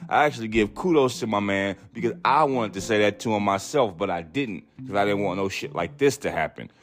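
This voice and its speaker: A man hosting a podcast, telling a story in a casual, profane, animated way, acting out other people's voices. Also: lowish voice, brisk, faint music behind. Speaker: podcast host.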